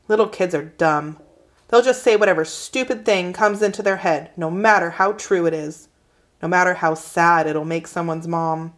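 Woman calmly reading a children's novel aloud. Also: lowish voice, moderate pace. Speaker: reader.

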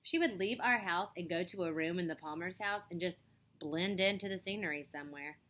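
A woman's voice: on the low side, fairly quick, pushed and bright. A woman voicing a curious, adventurous young girl doll in a storybook reading, with an eager, confiding manner. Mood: wistful.

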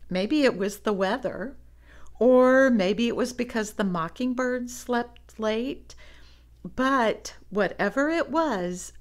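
A woman reading a children's storybook aloud, with animated asides to young listeners. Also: medium pitch. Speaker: storybook reader.

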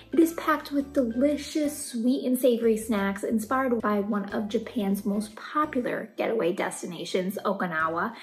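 A woman hosting a reaction channel, enthusiastically reading a snack-box sponsorship with bubbly praise. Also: mid-range voice. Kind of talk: sponsor read, then reacting to anime.

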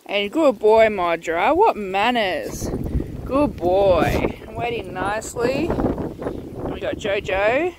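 A woman's voice: mid-range voice, animated, slow pace, heavy background noise. A woman at a dog daycare talking in a sing-song way to the dogs, praising them one by one, with a light Australian accent. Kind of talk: casual talk to dogs.

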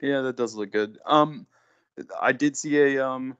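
A man's voice: medium pitch, measured pace, fairly bright tone, clean tone, dull audio. A man guest on a casual podcast movie review, laid-back and wry, joking about the film.

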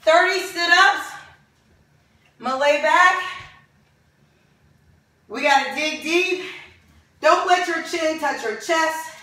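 A woman's voice: high-pitched, slow, pauses often, pushed and bright, heavy reverb, distant mic. A woman leading a home fitness workout, counting reps aloud and cheering people on, often out of breath as she exercises. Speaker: fitness instructor. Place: home room with dogs.

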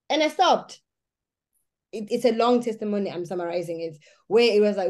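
Woman, personal testimony, earnest and emphatic, lots of restarts, mid-pitched voice. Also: expressive, moderate pace, a little mellow. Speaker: guest giving a testimony.

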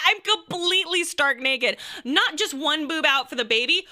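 A young woman tells a crude, embarrassing story to her stream viewers, laughing as she goes. Her voice sits high and swoops widely. It sounds bright and sharp. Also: moderate pace. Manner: animated, laughing, crude and self-mocking. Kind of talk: casual storytelling to chat.

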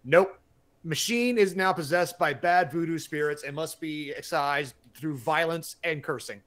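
A middle-aged man hosting a casual live-stream chat, rambling and excitable, with many restarts and some swearing. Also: a little high, measured pace.

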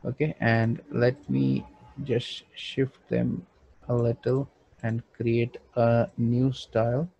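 A man's voice: mid-range voice, slow, dark tone, slightly rough, muffled recording. A man thinking aloud with frequent fillers as he narrates a screen-recorded design tutorial. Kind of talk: screen-recorded software walkthrough.

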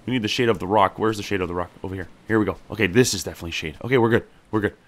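This gameplay streamer chats through a survival game in casual let's-play commentary, addressing his character and cheering every catch. He speaks very fast in a fairly low, slightly bright voice.

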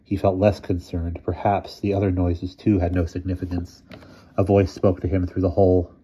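A narrator with a deep, dark, husky voice reads a short story aloud for an audiobook, keeping steady and measured. The recording sounds dull and lo-fi.

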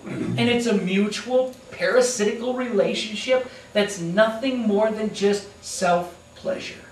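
Man, pastor, sermon, high voice, roomy church, distant mic. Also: a little hiss or hum. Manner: animated, acts out characters in quick asides. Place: church sanctuary.

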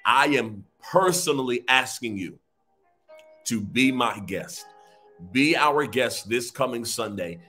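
A man's voice: medium pitch, expressive, slow pace, pushed and bright, faint music behind. A male pastor leading an online service, repeating his declarations, then chatting and thanking people with many fillers. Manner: declarative preaching, repeating phrases; conversational with frequent fillers when thanking givers. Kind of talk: online sermon with prophetic declarations.

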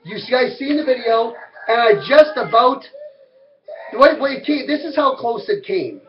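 A man's voice: extremely high pitch, lively intonation, measured pace, dull audio. A man ranting to camera as a vlogger, rambling, heated and full of swearing. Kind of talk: angry rant to camera.

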